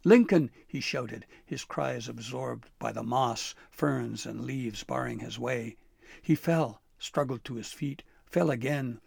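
Gravelly man reading a story aloud. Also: mid-range voice, slow pace, no room sound. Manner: expressive, dramatic read-aloud. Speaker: narrator. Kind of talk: storybook narration.

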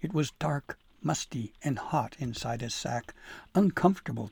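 Guy reading a storybook aloud, raspy gravelly voice, measured. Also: medium pitch, lively intonation, a little mellow, no room sound. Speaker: audiobook narrator. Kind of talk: storybook narration.

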